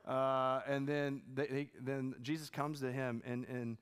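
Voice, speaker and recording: A man's voice: mid-range voice, flat delivery, a little slow, clear, resonant tone. A man preaching a sermon as pastor, talking conversationally and building into impassioned, repeated lines. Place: church auditorium. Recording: church hall with long reverb.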